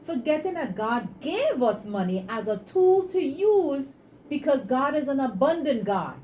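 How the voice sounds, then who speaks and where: A woman, a guest in an interview, telling stories and making her pitch with preachy passion. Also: big pitch swings, measured pace, mellow, a little hiss or hum, rough recording. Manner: passionate, preachy, acts out dialogue. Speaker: entrepreneur guest.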